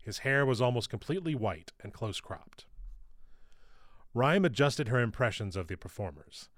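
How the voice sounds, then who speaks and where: A man reading his own novel aloud in steady, measured audiobook narration. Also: mid-range voice, no echo, studio quality.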